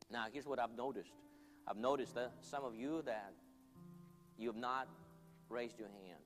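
A man preaching an altar call, earnest and pleading, leading the congregation in prayer line by line. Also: fairly low pitch. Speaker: pastor. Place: church hall. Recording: long hall reverb, soft music behind.

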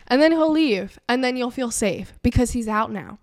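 A woman's voice: a little high, moderate pace. Frank, profane young woman podcaster. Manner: frank, profane, animated, acts out imagined dialogue. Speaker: podcast host and life coach. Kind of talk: casual advice monologue.

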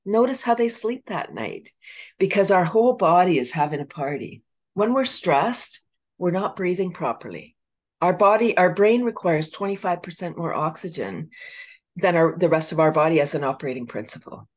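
A woman with a Canadian accent, a laughter coach chatting as a guest, animated and laughing often as she acts out little voices. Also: fairly low pitch, moderate pace. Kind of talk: casual podcast interview.

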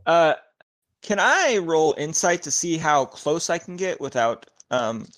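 Halting player in a tabletop game. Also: medium pitch, sing-song, fairly bright tone. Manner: halting, trails off. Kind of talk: casual tabletop game chat.

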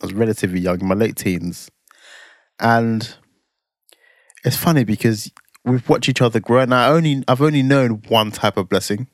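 A man's voice: medium pitch, moderate pace, pauses often, no echo. A man, co-hosting a casual podcast with joking, dry, teasing humour. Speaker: podcast co-host. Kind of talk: casual chat.

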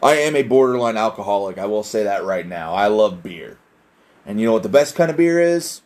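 A man's voice: on the low side, animated, a little fast, darkish tone. A young man hosting a casual solo podcast, rambling and self-deprecating, swearing often. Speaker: podcast host.

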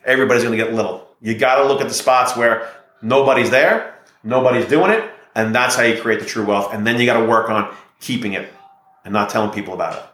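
Talking fast in a medium-pitched, slightly bright voice, a middle-aged real estate investor from the United States shares stories during a podcast interview. He sounds confident and persuasive, and the recording is reverberant.

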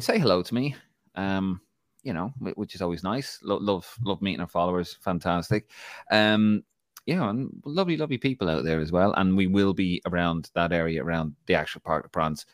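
Recorded with clean studio sound and no room echo, this low-pitched man is an Irish co-host of a laid-back live football podcast. He jokes around, rambles and laughs a lot.

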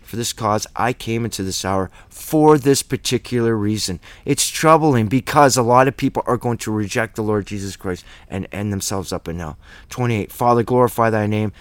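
A man's voice: fairly low pitch, normal speed, no room sound. Blunt, emphatic man teaching scripture. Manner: blunt and emphatic, slangy asides. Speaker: Bible teacher. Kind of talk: casual Bible study teaching.

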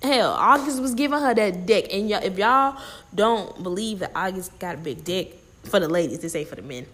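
A young woman ranting and gossiping to her viewers in a blunt, profane, animated way. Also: medium pitch, normal speed. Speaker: vlogger. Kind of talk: casual rant and gossip.

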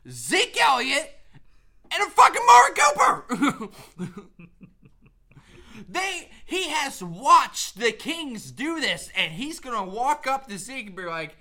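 A woman co-hosting a casual sports podcast, ranting in an animated, profane way and laughing often. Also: fairly high pitch, slow. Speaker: podcast co-host.

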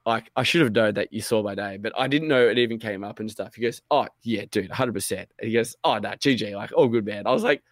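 Young male podcast co-host, casual and animated storyteller, dry close sound. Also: lowish voice, fast, few pauses, no room sound. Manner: animated, swears a lot, acts out quotes.

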